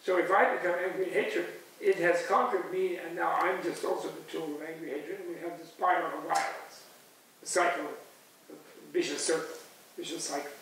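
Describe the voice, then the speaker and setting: A man giving a spiritual teacher's closing talk at a retreat. He speaks in an animated, digressive way, often chuckling. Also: fairly high pitch, moderate pace, vocal fry. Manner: animated and digressive, chuckling, acting out voices of others. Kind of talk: discursive spiritual lecture. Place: large echoey hall at a retreat center. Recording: echoey, distant room recording with faint hiss.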